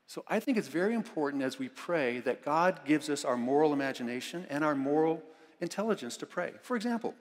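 In a church sanctuary, a male pastor delivers an enthusiastic, conversational sermon full of restarts. His voice is a little high, expressive and fairly quick, and the hall gives it a long reverb.

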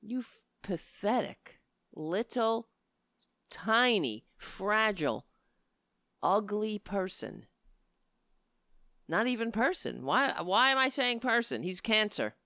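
A woman's voice: mid-range voice, big pitch swings, takes it slowly, long pauses, sharp tone, no echo. A woman delivering a sarcastic, scornful political rant on a close mic, often slipping into mocking voices. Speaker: political commentator.

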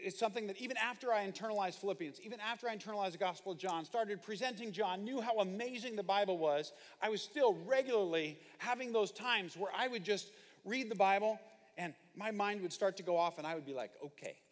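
A man preaching with a fairly high voice, telling his stories with lively, comic asides. His voice carries a long reverb, as in a large hall. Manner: animated storytelling with comic asides. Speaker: pastor. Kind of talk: sermon.

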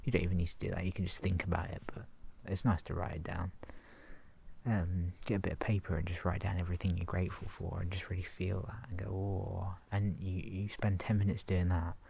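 A man talking in a relaxed, rambling way about self-awareness, laughing softly and acting out his inner thoughts. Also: deep voice, fairly quick, creaky, husky. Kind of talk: relaxed casual monologue.

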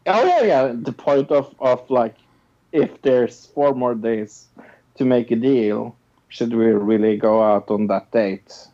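Slow, hesitant man on a dull recording. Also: medium pitch, dark tone. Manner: hesitant, full of filler sounds and repeated words. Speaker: podcast co-host. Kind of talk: casual chat.

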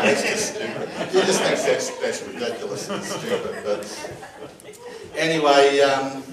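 Jovial New Zealand pastor in an echoey hall. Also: male voice, mid-range voice. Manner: jovial storytelling, laughing often. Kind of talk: sermon. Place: church hall with congregation. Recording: echoey hall, mic from a distance.

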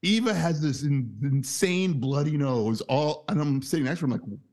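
A man in his thirties telling a story in casual chat, swearing freely, laughing, acting out quotes with big jumps in pitch. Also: moderate pace, darkish tone. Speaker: podcast co-host.

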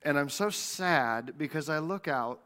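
A man's voice: a little high, lively intonation, a little slow, pushed and bright. A man preaching a sermon as pastor, earnest, often repeating words as he goes.

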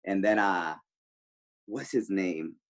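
A male radio host, the guest, telling animated stories casually, swearing freely. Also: slow. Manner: animated, swears freely, jumps pitch for quoted lines. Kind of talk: casual storytelling.

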